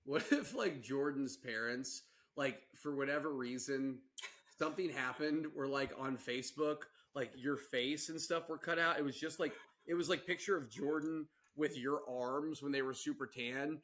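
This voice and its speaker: A young man co-hosting a podcast in casual chat, animated and rambling, often laughing and restarting his sentences. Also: medium pitch, moderate pace. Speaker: podcast co-host.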